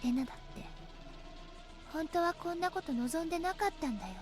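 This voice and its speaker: An eerily calm teenage girl from a story game, her voice high and light, her words quick and soft. She sometimes sinks into a whisper. Faint game music plays beneath her. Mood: eerie calm. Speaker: voice actress. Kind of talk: Japanese game voice acting.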